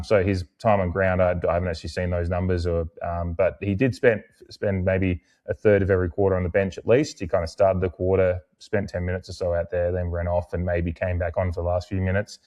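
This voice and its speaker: Low-voiced man on a podcast. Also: a little fast. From Australia. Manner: rambling, lots of fillers and restarts; mimics other people in animated, higher-pitched bursts while retelling. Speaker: podcast co-host. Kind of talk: casual podcast chat.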